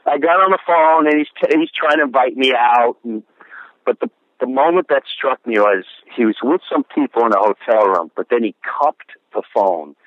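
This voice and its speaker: A man's voice: mid-range voice, lively intonation, moderate pace, no echo. Middle-aged man on a tinny phone line. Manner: sincere, reflective, acts out quoted people in voices. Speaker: comedian guest. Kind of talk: earnest interview storytelling.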